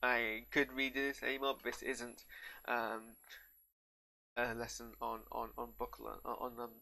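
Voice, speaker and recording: A man's voice: medium pitch, completely flat delivery, a little slow, vocal fry, pushed and bright. A man with a northern English accent giving a casual, rambling reaction to a TV episode, often drifting off on tangents and losing his thread. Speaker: show reviewer.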